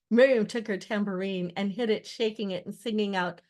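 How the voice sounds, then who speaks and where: An older woman narrating a novel as an audiobook reader, expressive and rising sharply for shouted lines. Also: mid-range voice, fairly quick, few pauses. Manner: expressive reading that rises for quoted shouts.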